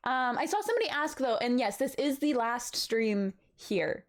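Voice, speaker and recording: A woman's voice: high-pitched, sing-song, measured pace. A young woman chatting casually with her live-stream chat from home, bubbly and rambling, laughing often.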